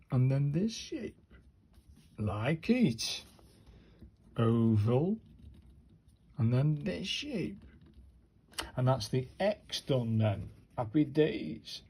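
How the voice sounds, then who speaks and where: Chatty husky man, slow and mellow. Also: mid-range voice. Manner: chatty, muttering to himself as he writes, addresses viewers as "people". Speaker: handwriting practice vlogger. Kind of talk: casual talk-through while writing.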